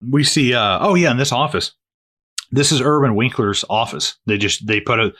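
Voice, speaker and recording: A man co-hosting a casual movie podcast, animated and swearing freely as he acts out lines from the film. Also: mid-range voice, normal speed. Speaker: podcast co-host.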